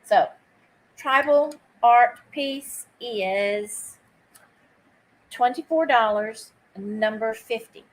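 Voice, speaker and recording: A woman's voice: on the high side, very slow, low-quality recording. Chatty woman running a live online sale. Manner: chatty, greets viewers by name while taking bids; casual asides and easy laughter. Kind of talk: live-stream auction chat.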